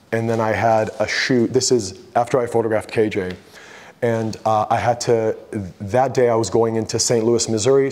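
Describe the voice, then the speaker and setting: A photographer from California, a man, telling stories to an audience in an artist talk, with lively anecdotal delivery. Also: fairly low pitch. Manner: lively anecdotal storytelling, acting out dialogue.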